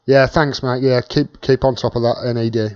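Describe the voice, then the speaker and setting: A chatty British man hosts a casual live-stream Q&A, talking at an average pitch. His voice is close and dry, with no room sound around it. The audio is dull and lo-fi, like a home webcam stream. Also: steady tone, moderate pace, a little mellow, clean tone, no room sound. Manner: chatty, thanks viewers by name while reading comments.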